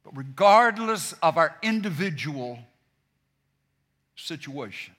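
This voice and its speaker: A male pastor delivers a sermon slowly and deliberately in a somewhat high, bright voice. He repeats phrases and restarts his sentences, and he asks the congregation to say lines back to him. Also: lively intonation. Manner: repetitive with call-and-response and restarts.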